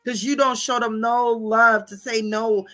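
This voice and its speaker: A woman livestreamer rants in a bright, forceful voice that sits a little high. She curses freely and drives her points home with repeated "okay?" tags. Faint music plays underneath. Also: steady tone, a little slow. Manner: profane, confrontational, repeats "okay?" and "bitch". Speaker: livestream host. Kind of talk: heated livestream rant reading viewer comments.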